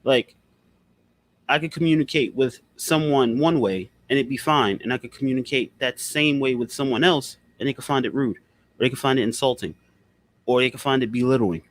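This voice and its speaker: A man's voice: mid-range voice, normal speed, no room sound. A man in casual conversation, blunt and profane, who repeats his points for emphasis. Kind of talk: casual chat.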